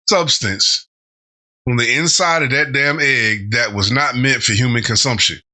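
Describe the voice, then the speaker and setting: A man's voice: mid-range voice, unhurried, sharp tone. A man hosting a reaction channel, giving casual commentary and going off on rambling tangents with frequent laughter.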